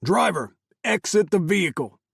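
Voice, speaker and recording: A man voicing a gruff, barking commander. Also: high voice, sing-song, normal speed, a bit bright, no echo, studio quality, pitched above the performer's own voice, exaggerated voice. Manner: barking, growling orders. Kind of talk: audiobook character voice.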